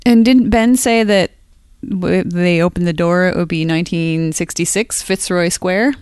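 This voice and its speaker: A woman's voice: fairly low pitch, a little slow, a little mellow, clean tone, no echo, studio quality. A woman co-hosting a podcast, chatting casually and laughing easily, with short agreeing sounds as her partner talks. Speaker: podcast co-host. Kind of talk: casual chat.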